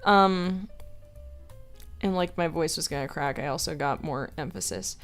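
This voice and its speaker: A woman's voice: deep voice, measured pace, faint music behind. A woman voice actress casually answering viewer questions, chatty and full of fillers. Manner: chatty, lots of filler words like "like" and "um". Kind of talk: casual Q&A advice.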